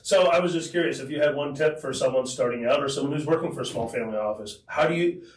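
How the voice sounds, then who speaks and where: A man's voice: mid-range voice, fast talker, roomy sound, recorded from a distance, poor audio. A man hosting a podcast interview, asking long, conversational questions. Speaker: podcast host.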